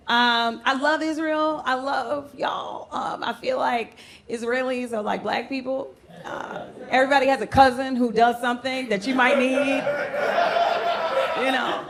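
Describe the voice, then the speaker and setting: A high-voiced woman performs stand-up into a handheld stage mic. Her delivery is brash and loud. She slips easily into mocking voices. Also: fairly even intonation, unhurried, vocal fry. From Brooklyn, New York. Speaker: stand-up comedian. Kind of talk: stand-up comedy set. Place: comedy club stage with a live audience.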